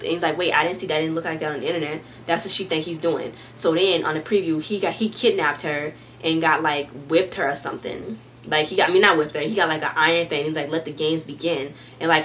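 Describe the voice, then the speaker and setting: A woman's voice: deep voice, fairly bright tone, slight background noise. Rambling woman recapping a TV episode. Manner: rambling, repeats and restarts while retelling the plot; talks directly to viewers. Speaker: TV review vlogger. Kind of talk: casual spoken episode recap.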